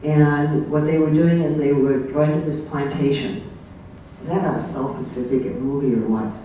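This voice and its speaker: A man's voice: a little high, fairly even intonation, normal speed, dark tone. Older man telling stories in an echoey hall. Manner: rambling, anecdotal, with frequent ums and asides. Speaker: club guest speaker. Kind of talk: casual slide presentation. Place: club meeting room. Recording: very echoey room, voice far from mic, faint hiss.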